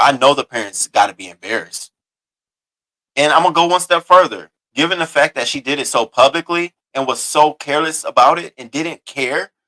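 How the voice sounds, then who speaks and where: A man's voice: medium pitch, bright, forceful tone, rough recording. A man hosting a news commentary show, reacting bluntly and indignantly to a video in casual, profane talk. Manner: blunt, indignant, swears freely.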